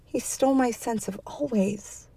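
A woman's voice: big pitch swings, unhurried, no echo, full character voice. A woman voicing a pleading, bitter divorced woman. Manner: pleading and shrill when upset. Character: distraught lonely divorced woman, bitter and shrinking.

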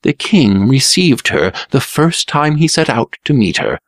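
A man's voice: medium pitch, sing-song, unhurried, dry recording, studio quality, pitched above the performer's own voice. A man voicing a nervous young prince who stammers and speaks in old-fashioned language in a storybook reading. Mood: earnest. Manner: stammering, archaic speech.

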